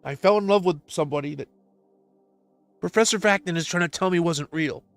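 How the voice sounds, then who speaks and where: An upset man hosting a livestream, giving an emotional personal monologue. He vents with passion and swings between quiet, low stretches and loud outbursts. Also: brisk, no room sound, soft background music. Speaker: livestream host.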